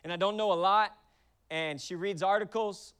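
A man's voice: sits high, fairly even intonation, normal speed, a bit bright, clear, resonant tone. A man in his thirties preaching a conversational sermon, acting out voices in his stories. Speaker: pastor.

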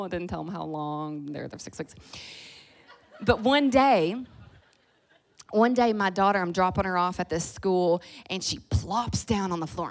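A middle-aged woman with a Kentucky accent, preaching a sermon in a lively, folksy way that swings between loud and soft. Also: on the low side, normal speed.

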